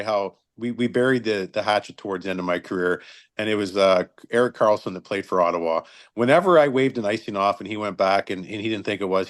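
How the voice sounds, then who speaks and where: A man in his fifties, a retired hockey linesman, telling stories casually and acting out the quotes. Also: fairly low pitch. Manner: animated storyteller, acts out quotes. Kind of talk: casual storytelling.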